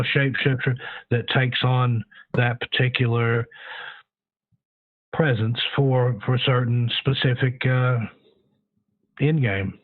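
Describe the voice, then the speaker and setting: Over a tinny phone connection, a radio show guest from the U.S. Pacific Northwest speaks at a medium pitch with no echo. He's a paranormal researcher whose replies are considered and halting, peppered with fillers.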